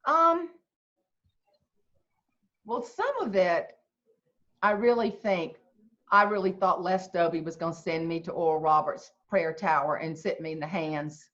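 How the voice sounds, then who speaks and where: A middle-aged humorist from South Carolina, with a Southern accent, joins a video chat as a guest to tell folksy comic stories with animation. Her voice is lowish and unhurried, with frequent pauses. The call audio sounds muffled and lo-fi.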